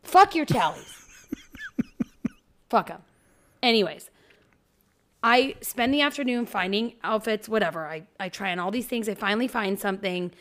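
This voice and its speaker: A woman in her thirties chats on a podcast and tells a story about her own night. She swears freely and acts out what other people said in her own voice, and her pitch sits right in the middle. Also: expressive, moderate pace, long pauses, a bit bright. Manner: swears freely, acts out quoted people when telling stories. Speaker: podcast co-host. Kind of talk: casual chat.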